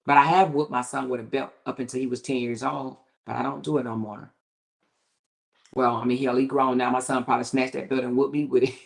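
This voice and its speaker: A middle-aged woman with a low, deep-set voice hosts her own livestream, speaking in a casual commentary style from a home setup. She talks candidly and with emphasis, and her pitch shoots upward when she turns indignant. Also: fairly even intonation, fairly quick, gravelly. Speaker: livestream host.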